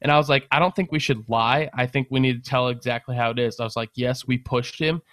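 A young man casually telling a long story on a podcast, animated, swearing and laughing as he goes. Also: mid-range voice, fast, no echo. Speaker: podcast co-host.

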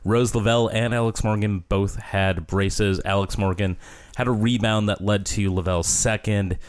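A man with a very deep voice, co-hosting a casual podcast chat. He throws in dry, wry remarks and reads off match details. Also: steady tone, normal speed, no room sound. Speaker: podcast co-host.

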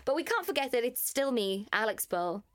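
A young woman, co-hosting a podcast and telling stories in a lively, laughing way. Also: fairly high pitch, fairly quick. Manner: animated, laughing storyteller. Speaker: podcast co-host. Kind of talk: casual chat.

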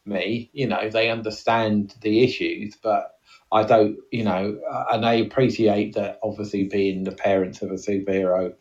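A man improvising as a comedic interview guest, rambling in a deadpan manner. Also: lowish voice, normal speed, far from the mic, lo-fi sound. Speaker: podcast co-host.

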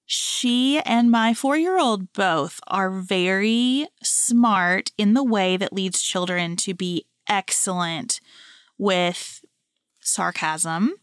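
A woman in her thirties co-hosting a podcast, telling a family story in an animated, chatty way. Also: mid-range voice, slow, clear, resonant tone, no room sound, clean studio sound. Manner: warm, animated storytelling with laughs. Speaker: podcast co-host.

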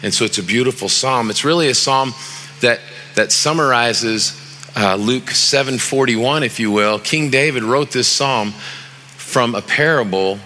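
A middle-aged man preaching a sermon as pastor in a church, telling stories with animated quoted voices and reading scripture aloud with rising emphasis. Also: medium pitch, unhurried, slight background noise. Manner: animated storytelling with acted quotes.

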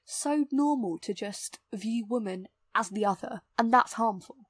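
A woman's voice: fairly high pitch, a little slow, slightly rough, dry recording. A young woman, co-hosting a podcast, speaking earnestly and articulately in casual chat. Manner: earnest and articulate, rising to emphatic. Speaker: podcast co-host.

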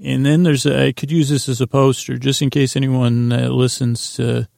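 A man with a heavily creaky, gravelly voice retells an episode in a rambling, unhurried way. His delivery stays flat and even, and he trails off into fillers as he goes. The sound is close and dry, with no room around it. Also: mid-range voice, no echo. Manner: meandering, loose retelling with many fillers. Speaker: podcast host. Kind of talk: rambling bedtime episode recap.

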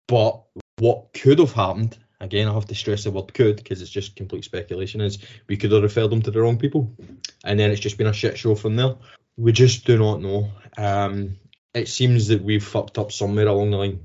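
Warm low-voiced Scottish man, podcast chat. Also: flat delivery, brisk. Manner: swears freely, frequent restarts and stressing of points. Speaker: podcast co-host. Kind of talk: casual football podcast chat. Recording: slightly dull lo-fi podcast audio.

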